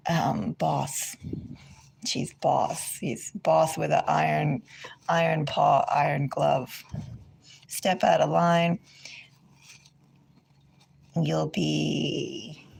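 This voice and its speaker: Slow, gravelly-voiced woman tarot reader. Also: deep voice, slight background noise. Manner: unhurried, chatty, drifts into asides. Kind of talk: casual spiritual reading chat. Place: at home.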